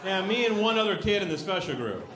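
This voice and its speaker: A high-voiced man works a stand-up set, telling his story with constant "right?" tags. His voice rings around a reverberant club room, with clear crowd noise behind him. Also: quick pace. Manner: animated storytelling, jumps into shrill shouted voices for characters; tag questions "right?" after nearly every beat. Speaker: stand-up comic. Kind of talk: stand-up comedy. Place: comedy club stage. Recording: roomy club sound with audience.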